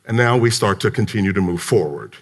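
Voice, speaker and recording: A man delivers a motivational talk on leadership to a conference crowd. He tells his stories with animated emphasis and plays out each side of the conversations himself, letting his voice climb high and drop low. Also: a little fast. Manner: animated storyteller, acts out dialogue, emphatic. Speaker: business speaker. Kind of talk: motivational talk to a live audience. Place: conference hall.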